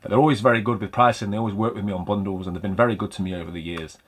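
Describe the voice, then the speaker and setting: A man's voice: on the low side, fairly even intonation, racing, husky. A man hosting a casual vlog about retro game pickups, chatty and rambling with a light self-mocking humor. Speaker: retro game collector and channel host.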